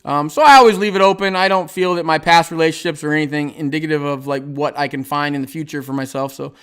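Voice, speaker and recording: A man chatting on a casual livestream, reading out viewer comments and rambling through his thoughts with plenty of ums, restarts and small chuckles. His voice sits high and sounds bright and crisp. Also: fairly even intonation, fast. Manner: rambling, hesitant, many fillers and restarts; chuckles often while talking.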